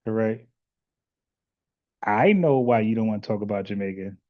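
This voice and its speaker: A man's voice: on the low side, expressive, normal speed. A man hosting a call-in podcast, talking bluntly and arguing his points, with lots of "like" and restarts in a casual chat style. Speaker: podcast host taking callers. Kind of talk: casual live-stream chat with callers. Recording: muffled lo-fi audio.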